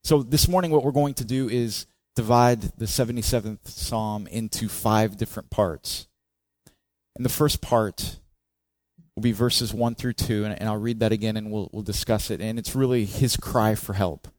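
A man preaches a sermon at normal speed in a somewhat low voice, recorded with no room sound. Chatting with the congregation through questions, he expressively raises his voice to act out the psalmist's cries.

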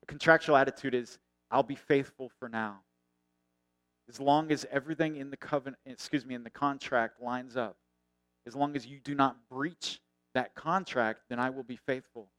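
A middle-aged man preaching a sermon earnestly, raising his voice and then dropping to a hush. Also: mid-range voice, steady tone, normal speed, no room sound. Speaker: pastor.

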